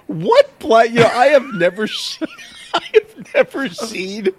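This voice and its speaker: A man co-hosting a casual conversation, interjecting with teasing quips and laughter. His voice is high and wildly expressive. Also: a little slow, slight background noise. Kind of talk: casual chat.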